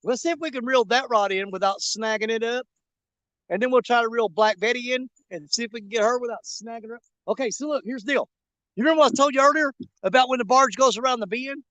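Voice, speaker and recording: High-voiced folksy man. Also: fast, bright, forceful tone, dry recording. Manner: rambling, folksy, jokey, with frequent fillers. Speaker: fishing channel host. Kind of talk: casual live-stream chat to viewers. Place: outdoors by a river.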